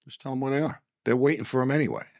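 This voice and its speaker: A man hosting a casual chat, joking and tossing in quick interjections. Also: mid-range voice, creaky, darkish tone. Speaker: podcast host.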